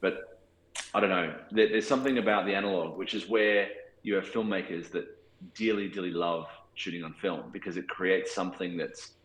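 A man's voice: low voice, fairly even intonation, moderate pace, a bit bright, echoey room, low-quality recording. A man in his forties with an Australian accent, a cinematographer talking thoughtfully in an interview, with many restarts and fillers. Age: 40s. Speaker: cinematographer guest. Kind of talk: casual interview talk.

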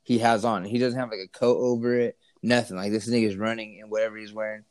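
A man's voice: lowish voice, level tone, quick pace, a little mellow, dry recording. A young man telling a story in casual chat, rambling with lots of fillers and restarts, teasing his friend.

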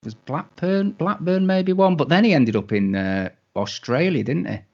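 A man co-hosting a casual podcast chat, chatty, adding quick asides and laughing easily. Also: a little high, animated, darkish tone, lo-fi sound. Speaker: podcast co-host.

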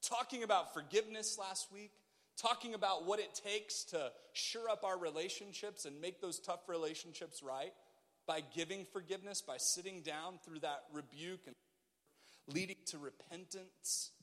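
A man's voice: high-pitched, moderate pace, a bit bright, big-room sound. A man preaching a sermon as pastor, earnest and urgent, putting questions to his congregation.

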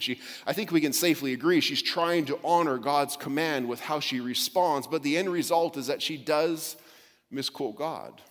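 A man's voice: mid-range voice, fairly bright tone, long reverb tail. A male preacher giving an emphatic sermon that often restarts his words mid-sentence.

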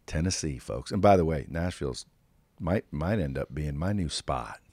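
A man's voice: a bass voice, lively intonation, moderate pace, darkish tone, no echo. A man hosting a podcast in a studio, talking in brash, profane, joking banter with his guests. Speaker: podcast host. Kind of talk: casual interview banter. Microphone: studio microphone.

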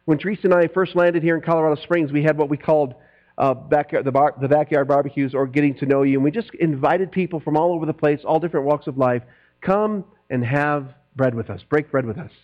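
A middle-aged man preaching a sermon, swinging between loud, animated preaching and quiet asides. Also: a little high, fast. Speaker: pastor. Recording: dull lo-fi recording with mains hum.

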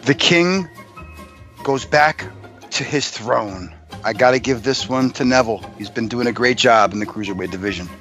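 A man co-hosting a wrestling podcast in casual chat, blunt and quick to get angry. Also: mid-range voice, a bit bright, soft background music. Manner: blunt, gruff, the angry one. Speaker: podcast co-host.

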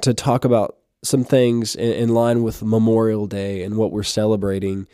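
A man giving a short devotional podcast talk, halting with fillers and restarts, reading scripture aloud. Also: on the low side, little pitch movement, mellow, clean tone, no room sound, clean studio sound. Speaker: podcast preacher.

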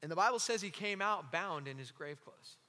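A male pastor preaching an impassioned sermon, swinging from loud cries down to hushed, intense lines and acting out the voices he quotes. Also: a little high, expressive, fairly quick, long reverb tail.

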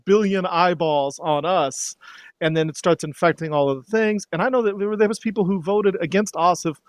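Man from Georgia with a higher pitch. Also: fairly quick, no echo. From Georgia, USA. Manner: rambling, many restarts and fillers, wry. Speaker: guest. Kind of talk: casual conversation.

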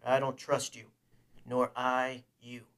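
A man voicing a harsh, cold armored male bounty hunter who speaks soft, flat and clipped. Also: medium pitch, slow.

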